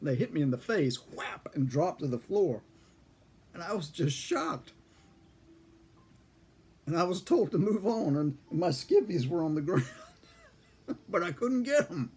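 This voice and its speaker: An older man, a former airman, telling a story from his own past in a casual, folksy way, chuckling and clearing his throat now and then. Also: on the high side, very animated, measured pace, long pauses, darkish tone. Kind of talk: casual spoken memoir storytelling.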